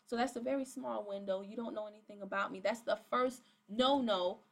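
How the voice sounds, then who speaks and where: A woman's voice: mid-range voice, fairly quick, creaky. A woman, chatting in a casual vlog as a network marketing coach and reading out chat messages. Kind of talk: casual talking-head vlog.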